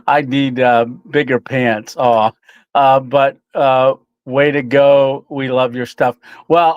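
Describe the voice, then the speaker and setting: A middle-aged livestream host from Tennessee rambles casually while reading comments, dropping plenty of "uh"s and easy chuckles. His voice is at an ordinary pitch and sounds smooth, dry and close, with no echo or room around it.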